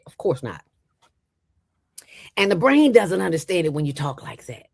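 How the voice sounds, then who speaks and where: A middle-aged woman, a former radio host and founder, talking as an interview guest in an animated, emphatic and playful way. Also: fairly low pitch, gravelly, slightly rough. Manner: fast talker from years on radio. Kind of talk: casual interview chat.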